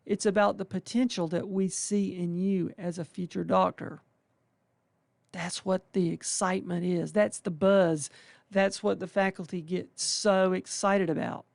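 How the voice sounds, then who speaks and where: Give me a faculty speaker welcoming new interns in a folksy, plainspoken way, mid-pitched and dry. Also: flat delivery, unhurried, gravelly, no echo. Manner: folksy and conversational, with colloquial exclamations; acts out residents' inner thoughts.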